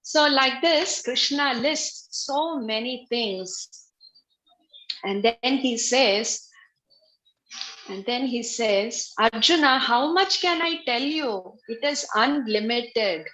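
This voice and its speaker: A woman giving a religious class over a video call, explaining slowly and patiently, often repeating her phrases. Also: fairly high pitch, a bit bright, low-quality recording. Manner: slow, repetitive, patient explaining. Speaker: spiritual teacher.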